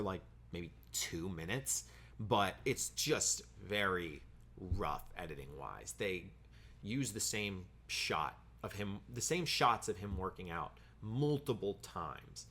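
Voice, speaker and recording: A man's voice: low-pitched, fairly bright tone. A man giving a casual film review, blunt and critical, with frequent "um" fillers and the odd swear word.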